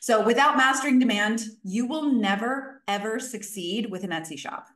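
Energetic woman coach in an echoey room. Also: on the high side, moderate pace. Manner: emphatic, energetic, repeats points for stress. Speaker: online business coach. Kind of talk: live workshop teaching.

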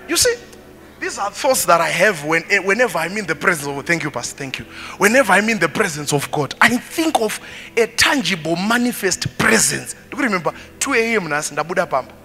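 A man preaching a sermon in a high, ringing voice. He moves between lively, animated passages and quieter reflective ones, with soft music faintly underneath. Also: brisk, in a large hall. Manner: switches between Shona and English, animated preaching with laughter. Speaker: pastor.

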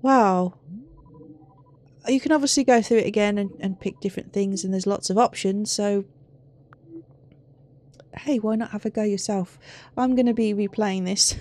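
A woman's voice: medium pitch, moderate pace, pauses often, darkish tone. A young woman commentating a game she plays, with jumpy, swearing, exclamatory reactions. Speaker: let's play host.

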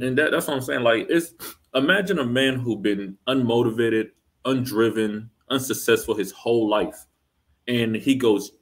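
A man delivers reaction commentary in a blunt, critical tone, circling back on his points and firing off rhetorical questions. His voice sits at an ordinary middle pitch. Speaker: reaction channel host.

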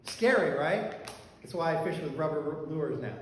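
A man's voice: a little high, animated, moderate pace. A male pastor telling a personal story in a sermon, conversational, with fillers and restarts. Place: church sanctuary. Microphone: handheld or stand mic that fell during talk. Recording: very echoey church hall, faint background noise.

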